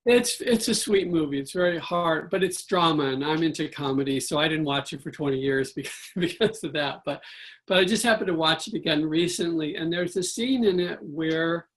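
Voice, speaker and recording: A man giving a spiritual talk about money, telling stories with animated acted-out quotes. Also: fairly high pitch, a little fast. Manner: animated storyteller, acts out quotes. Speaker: guest speaker.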